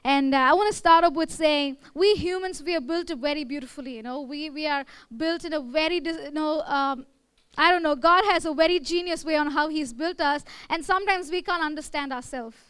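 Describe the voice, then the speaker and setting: A young woman with an Indian English accent preaches a sermon conversationally, often checking in with her listeners with "okay?" and "all right?". Her voice is high-pitched and fairly bright, and she talks briskly.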